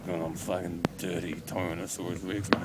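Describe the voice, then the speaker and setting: A man's voice: low-pitched, little pitch movement, a little fast, very noisy. A young man doing an improvised comedy rant, crude and rambling, tagging lines with mate and eh. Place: outdoor music festival.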